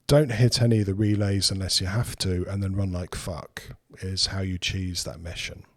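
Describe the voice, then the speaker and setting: A man's voice: sits low, steady tone, moderate pace, no echo, studio quality. A man streaming a strategy game who talks through his moves in rambling, casual commentary and swears freely.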